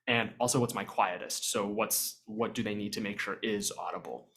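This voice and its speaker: Man, workshop presenter on a video call; relaxed explanatory delivery, filler-heavy. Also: medium pitch. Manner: explanatory, conversational with frequent ums. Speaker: vocal percussion workshop presenter. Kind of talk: virtual workshop lecture.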